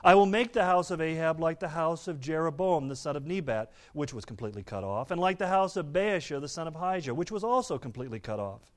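A man preaching a sermon, reading scripture aloud and explaining it, turning dramatic and loud on the quoted speech. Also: fairly high pitch, expressive, quick pace, few pauses.

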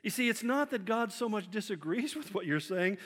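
A man preaching a sermon, with an animated delivery that acts out quotes by shifting his pitch and loudness. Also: a little fast. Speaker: pastor. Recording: long hall reverb.

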